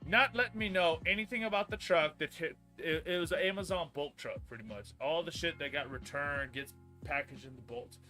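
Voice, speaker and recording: A man in his early thirties with a fairly high, bright, forceful voice spins a rambling, swear-heavy work story on a live stream. He keeps circling back with fillers, and his voice rises hot and loud when he reaches the angry parts. Faint music plays under him. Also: a little fast, few pauses. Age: 30s. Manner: profane, rambling, gets loud and heated telling the story. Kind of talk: casual storytelling chat.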